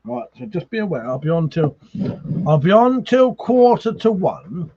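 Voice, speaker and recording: Man, drunk, livestream host, casual chat, sweary, laughs a lot, fairly high voice, slightly dull sound. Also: big pitch swings, moderate pace, gravelly. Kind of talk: casual chat reading out viewer comments. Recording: slightly muffled livestream audio.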